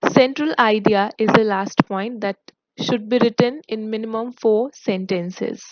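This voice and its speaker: Slow, deliberate woman English teacher. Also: a little high, no echo, muffled recording. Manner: slow, explanatory, addresses students. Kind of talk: recorded online lesson.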